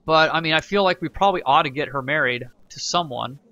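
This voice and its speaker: A man's voice: a little high, fast, sharp tone, muffled recording. A man hosting a casual let's play tutorial, rambling and self-correcting as he reads the game's event text aloud. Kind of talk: casual gameplay tutorial commentary.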